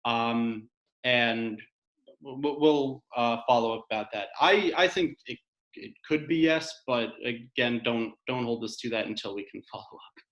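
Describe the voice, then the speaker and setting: A man's voice: medium pitch, measured pace, fairly bright tone, muffled recording. Man on a webinar in an echoey room. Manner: hesitant, stammering restarts. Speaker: webinar co-presenter. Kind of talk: live webinar Q&A.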